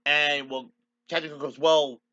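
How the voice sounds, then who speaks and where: Guy rambling through an episode recap, bright edgy voice, kinda muffled lo-fi audio. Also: medium pitch, lively intonation, moderate pace. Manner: rambling, repeats "he goes" often. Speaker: show host.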